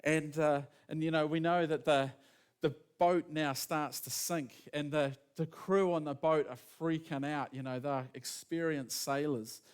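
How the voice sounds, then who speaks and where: A man preaching a sermon in a casual, animated storytelling manner, acting out quotes as he goes. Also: fairly high pitch, unhurried, clean tone.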